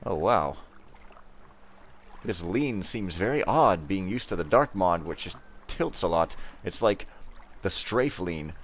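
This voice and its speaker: A man's voice: low-pitched, expressive, takes it slowly, slight background noise. A man giving casual let's play commentary, rambling with self-mocking, jokey asides.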